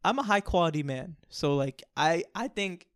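A man with a slightly raised voice tells a long, comic story to his co-host. He is loud and playful, and he jumps between energetic bursts and quieter asides. The recording is dry and close. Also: a little high, moderate pace, dry recording. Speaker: podcast co-host. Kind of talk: casual storytelling chat.

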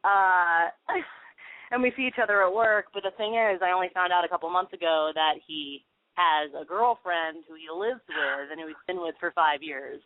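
A woman's voice: lowish voice, moderate pace. A woman in her twenties calling in to a radio show, talking hesitantly with nervous laughs and lots of fillers. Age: 20s. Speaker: caller. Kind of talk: casual call-in chat. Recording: dry, phone-like narrow sound.

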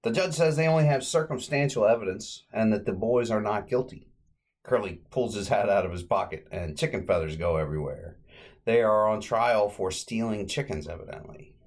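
A man with a slightly low voice hosts a casual podcast. He walks through an old comedy short in a relaxed, rambling way, dropping fillers as he goes. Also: normal speed. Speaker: podcast host.

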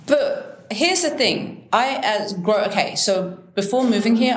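A woman's voice: a little high, animated, measured pace, reverberant, a little hiss or hum. A woman co-hosting a podcast who chats casually and recounts anecdotes. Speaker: podcast co-host. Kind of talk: casual roundtable chat.

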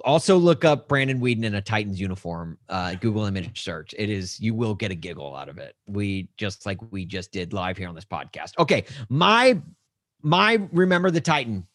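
A man co-hosting a casual sports podcast, rambling and joking, often acting out mock dialogue in a higher voice. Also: no echo, clean studio sound. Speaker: podcast co-host.

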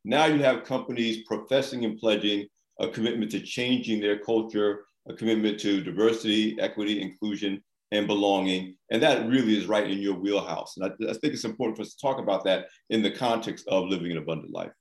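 A man hosting a talk show, measured, with rhetorical wordplay. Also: fairly low pitch. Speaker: show host. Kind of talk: conversational interview talk. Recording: echoey room.

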